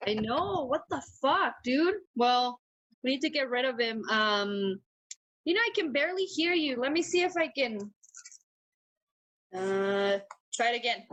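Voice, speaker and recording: Woman co-host, high-pitched and unhurried; giggly, casual, a bit profane. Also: animated, a bit bright. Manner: giggly, laughs often, swears casually. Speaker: podcast co-host. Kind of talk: casual chat.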